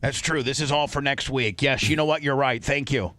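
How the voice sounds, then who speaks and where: A male radio talk show host, his mid-range voice a little fast and sharp, reads listener donations on air from his studio. He's emotional and rambling, restarting often, captured on a studio microphone with no echo.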